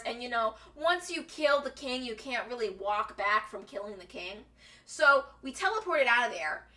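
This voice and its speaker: High bright-voiced young woman streamer. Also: recorded from a distance. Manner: animated, giggly, acts out quotes. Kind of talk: casual storytelling chat.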